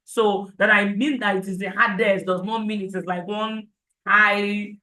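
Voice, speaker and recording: A woman's voice: medium pitch, steady tone, measured pace, bright, forceful tone, low-quality recording. Emphatic woman teaching exam tips. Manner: repetitive, emphatic, rhetorical questions to students. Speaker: IELTS prep teacher. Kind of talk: live online class lecture.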